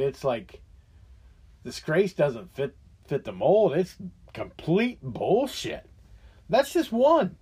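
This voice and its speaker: A man's voice: sits high, darkish tone, slightly rough. A man hosting his own show, delivering a heated, profane political rant. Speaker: show host.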